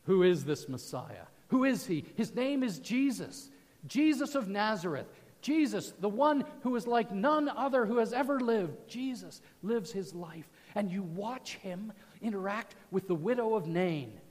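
A male pastor preaching a sermon, moving from loud proclamation to soft, hushed passages. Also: high voice, expressive, a little slow. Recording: long hall reverb.

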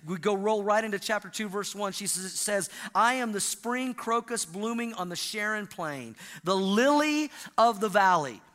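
A male pastor preaching a sermon in a church, animated, calling on the congregation to repeat lines after him. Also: sits high, normal speed, few pauses, big-room sound. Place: church sanctuary.

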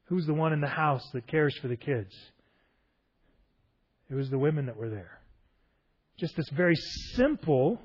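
Husky man preaching a casual sermon. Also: on the high side, moderate pace, long pauses, dull audio. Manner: conversational, animated, asks rhetorical questions. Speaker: pastor.

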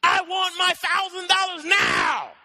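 A ruthless servant, as a preacher plays him, shouting his demands in a very high, strained voice. The shouts ring out through a large, echoing hall. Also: wildly swooping pitch, slow pace, creaky, a faint crowd, heavily acted. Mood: furious. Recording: echoey hall.

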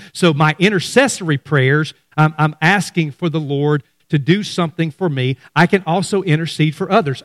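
A man's voice: fairly high pitch, no echo, studio quality. A middle-aged man preaching a sermon, speaking animatedly to his congregation. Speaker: pastor.

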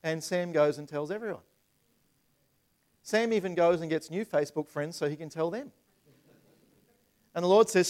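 Pastor, male, fairly high voice, animated sermon delivery that repeats words and acts out voices. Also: normal speed, long pauses. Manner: acts out voices in retold scenes.

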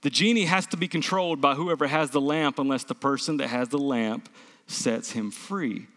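A man's voice: mid-range voice, normal speed, fairly bright tone, big-room sound. A male pastor preaching a sermon, emphatic, asking the congregation rhetorical questions and answering them himself.

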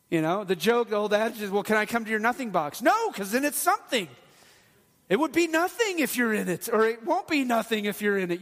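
Recorded with long hall reverb, this sermon comes from a middle-aged male pastor whose voice sits high and sounds slightly bright. He speaks briskly and with animation, staying earnest and conversational while adding occasional humor.

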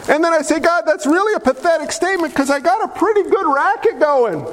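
Pastor guy preaching, super high voice, folksy and punchy, lots of hall echo. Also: expressive, a little fast, hardly any pauses, fairly bright tone, slight background noise. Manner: emphatic, folksy, with sudden swings in pitch. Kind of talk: sermon. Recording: long hall reverb.

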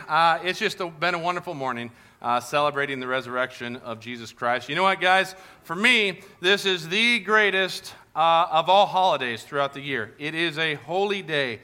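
A man with a fairly high, very bright and forceful voice preaching to a packed church. He keeps it casual and joking, full of upbeat fillers and asides to the congregation. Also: smooth. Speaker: pastor. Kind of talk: Easter sermon.

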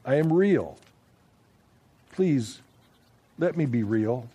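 A man voicing a lonely, frightened teenage girl who pleads in a soft, breaking voice. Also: high-pitched, very animated, slow pace, slightly rough, full character voice. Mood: pleading.

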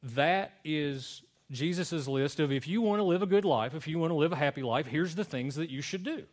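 A man preaching a sermon to his congregation in a relaxed, conversational storytelling way. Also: fairly high pitch, moderate pace. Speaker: pastor.

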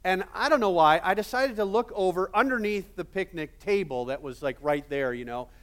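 A male pastor preaching a sermon in a casual, animated storytelling manner with many fillers. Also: sits high, moderate pace.

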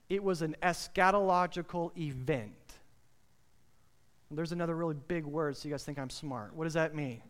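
A man preaching a sermon with an emphatic, direct delivery. He keeps turning to his listeners with rhetorical questions. His voice sits high and rings clear and smooth. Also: fairly bright tone.

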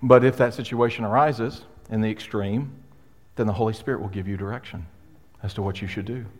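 A male pastor preaching a sermon in a conversational, emphatic way, with pauses for weight. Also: lowish voice, fairly even intonation. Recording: long hall reverb.

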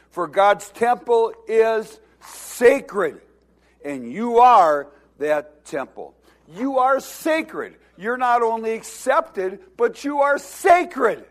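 A man preaching a sermon as pastor, exhorting the congregation and having them repeat phrases, building to loud emphasis at times. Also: high-pitched, lively intonation, slow pace.

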